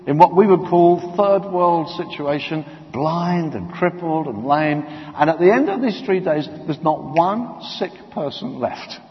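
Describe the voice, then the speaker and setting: Preacher in a reverberant hall. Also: male voice, fairly high pitch. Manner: animated storytelling, acting out voices and quotes. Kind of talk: sermon. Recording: dull sound, long hall reverb.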